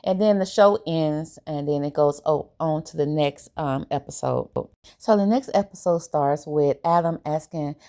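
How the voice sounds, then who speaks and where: A woman giving a casual, opinionated recap of a reality TV episode, animated and colloquial. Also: low-pitched, moderate pace. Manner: animated, opinionated, briefly acts out quoted lines; relaxed colloquial grammar.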